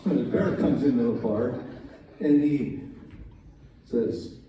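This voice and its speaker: A man's voice: medium pitch, takes it slowly, mellow, muffled recording, slight background noise. A man telling a string of jokes at a talent show in a folksy storytelling way, giving the quoted lines small voice shifts. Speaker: joke teller at a college talent show. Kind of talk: stand-up joke telling. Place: event hall at a talent show. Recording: very echoey hall from far off. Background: faint room ambience, audience laughs.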